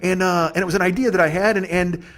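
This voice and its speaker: A man's voice: sits high, fairly even intonation, fast, fairly bright tone. A man in his fifties hosting a podcast, ranting in a profane, self-deprecating comic monologue. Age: 50s. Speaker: podcast host. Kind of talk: casual comedic monologue.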